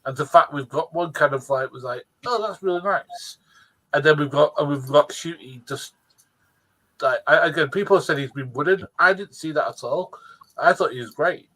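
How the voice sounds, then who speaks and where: A man with a fairly high, very bright voice joins in eagerly as a podcast co-host. He stumbles and repeats words as he rushes to get his point out. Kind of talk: casual review chat.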